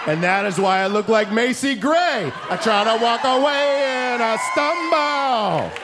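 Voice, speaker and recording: A young man tearing through a crude stand-up routine, shouting punchlines and breaking into laughs. His voice sits high for a man. A loud, noisy audience fills the live club recording. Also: animated, unhurried, a loud crowd. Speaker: stand-up comedian. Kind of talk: stand-up comedy set.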